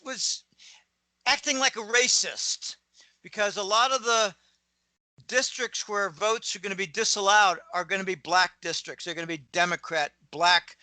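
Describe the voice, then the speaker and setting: A middle-aged man from Pittsburgh with a plain American accent speaks in a fairly high, very bright, cutting voice. The sound is dry and close, with no room around it. He rambles as an opinionated guest, drifting into asides and clearing his throat often. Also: no room sound, rough recording. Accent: General American, lost his Pittsburgh accent. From Pittsburgh, USA. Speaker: guest commentator. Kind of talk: casual interview monologue.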